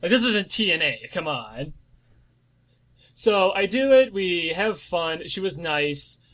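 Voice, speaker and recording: A man in his twenties telling a comedic personal story on a podcast, animated and swearing, now and then breaking into mock-dramatic singing. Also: high-pitched, takes it slowly. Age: 20s.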